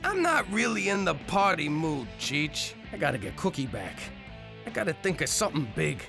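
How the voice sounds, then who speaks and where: An actor playing a brash former mob boss with an excitable, gravelly manner. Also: male voice, on the high side, normal speed, over music. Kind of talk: adult cartoon voice acting.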